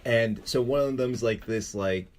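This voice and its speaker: Laid-back, laughing podcast co-host. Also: male voice, medium pitch, a little slow. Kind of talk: casual pop-culture chat.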